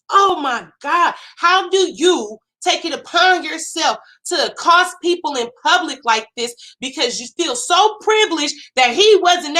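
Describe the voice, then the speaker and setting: A high-voiced woman rants to her viewers in animated, indignant reaction commentary. Her tone is bright and cutting, and she addresses her chat directly from a home livestream setup. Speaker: commentary host.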